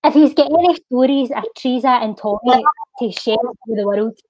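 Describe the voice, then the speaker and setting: A woman with a Scottish accent, a charity guest on a podcast, reciting her own spoken-word poem in a slow, measured way and chatting between lines with soft "eh" fillers. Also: a little high, dry recording, rough recording.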